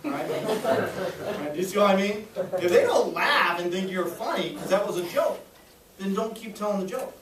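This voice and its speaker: A man's voice: high voice, animated, normal speed, fairly bright tone, recorded from a distance. A man running a sales training session for a group, jokey and always checking in with the room. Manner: jokey, keeps checking in with "right?". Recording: echoey room recorded from afar, faint noise.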